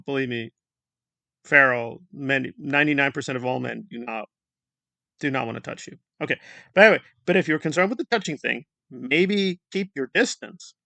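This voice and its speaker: A man's voice: fairly high pitch, vocal fry, bright, forceful tone, dry recording. A man hosting a sarcastic online commentary, scoffing and rambling through asides. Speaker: commentary channel host.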